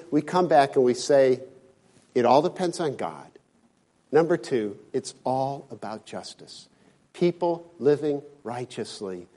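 A man's voice: medium pitch, a little mellow. A man preaching a sermon, emphatic, rising in force when he quotes scripture.

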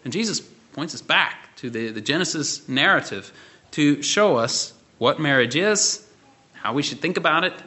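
A man preaching a measured sermon, pausing often with fillers. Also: mid-range voice, sharp tone. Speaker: pastor. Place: church.

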